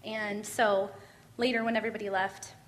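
A woman's voice: medium pitch, flat delivery, moderate pace, slight background noise. A woman sharing a personal story with a church group in an earnest, heartfelt way. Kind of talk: casual testimony in a church group discussion.

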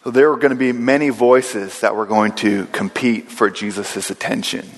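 A man preaching a sermon in a church, earnest and steady, slowing down and repeating key phrases for weight. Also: mid-range voice. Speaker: pastor. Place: church sanctuary. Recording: long hall reverb.

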